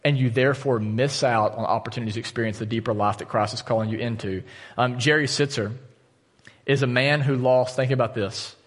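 Male pastor preaching an earnest sermon; average pitch, reverberant auditorium sound. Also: steady tone, a little fast. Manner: earnest, direct appeals to the congregation. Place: church auditorium. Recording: long church hall reverb.

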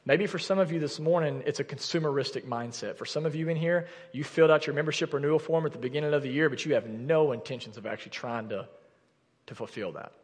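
A man's voice: fairly high pitch, quick pace, long reverb tail. A young adult man preaching a sermon as pastor, addressing the congregation directly and earnestly. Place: church sanctuary.

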